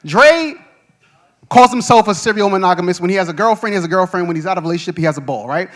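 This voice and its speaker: Man telling a story to a crowd, high voice. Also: animated. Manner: talks in quick restarts, laughs often, checks in with "right?". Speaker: podcast host. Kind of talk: animated storytelling to a live audience.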